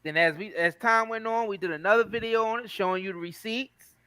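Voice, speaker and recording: A man hosting a casual talk show, talking in an animated, emphatic, slangy way. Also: high voice, brisk, a loud crowd, poor audio. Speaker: host. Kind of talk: casual chat.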